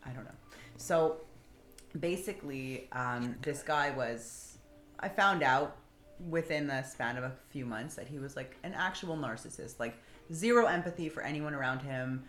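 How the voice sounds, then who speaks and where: A woman's voice: very deep voice, normal speed, fairly bright tone. A woman guest on a podcast, telling her own dating story candidly and calling herself stupid, with many fillers. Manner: candid, self-deprecating, lots of fillers. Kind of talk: casual confessional chat. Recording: echoey room, faint background noise.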